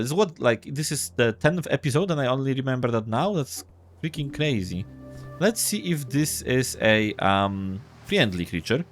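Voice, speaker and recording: A man's voice: medium pitch, big pitch swings, normal speed, faint music behind. Chatty man doing gameplay commentary. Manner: chatty, thinks aloud, reads game text. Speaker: gameplay streamer. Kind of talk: casual let's-play commentary.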